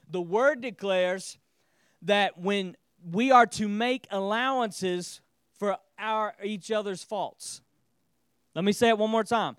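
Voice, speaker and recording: A man's voice: high-pitched, fairly bright tone, smooth, no room sound, studio quality. A man preaching a sermon as pastor, calling on the congregation to repeat phrases and restating his key lines.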